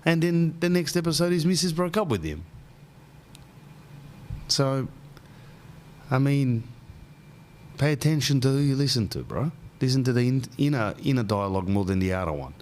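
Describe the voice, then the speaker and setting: A man's voice: mid-range voice, expressive, normal speed, long pauses, darkish tone, a little hiss or hum. A man hosting a podcast, telling rambling stories in casual, slang-filled chat. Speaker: podcast host.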